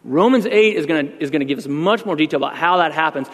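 A man's voice: a little high, animated, quick pace, in a large hall. A man pastor giving a sermon, talking conversationally and then building to emphatic outbursts.

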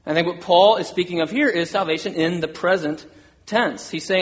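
A man's voice: high voice, brisk. A man preaching a sermon, earnest, voicing an apostle's words with rising intensity. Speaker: pastor.

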